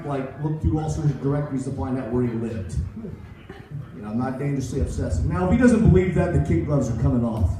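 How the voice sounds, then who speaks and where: A man's voice: sits high, mellow, slight background noise. A man in his sixties doing a rambling, self-mocking stand-up set at a comedy club. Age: 60s. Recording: echoey club recorded from far off.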